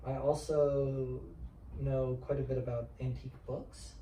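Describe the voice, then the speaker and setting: A man's voice: mid-range voice, level tone, unhurried, mellow. A man with a Texan accent, an auctioneer and antiques specialist, chatting at length in an interview and rambling through asides and restarts. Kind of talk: casual interview chat. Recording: echoey room from far off with faint noise.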